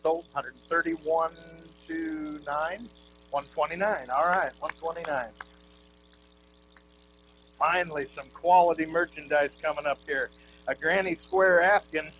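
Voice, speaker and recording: A man calling bids as auctioneer at a live charity quilt auction, rolling numbers in a rapid rhythmic chant. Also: fairly high pitch, fairly bright tone, slight background noise, poor audio. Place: outdoor camp auction.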